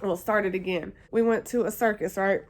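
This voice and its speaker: A woman's voice: medium pitch, fairly even intonation, brisk. A young woman vlogging, telling a personal story in a chatty, emotional way with lots of fillers. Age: young adult. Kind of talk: casual storytelling to camera.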